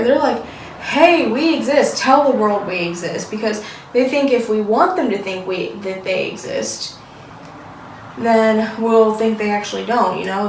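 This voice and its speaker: A woman chatting casually as co-host, rambling, giggling and losing her train of thought. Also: a little high. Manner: giggly, rambling, loses track. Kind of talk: casual chat. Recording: roomy, distant mic, faint background noise.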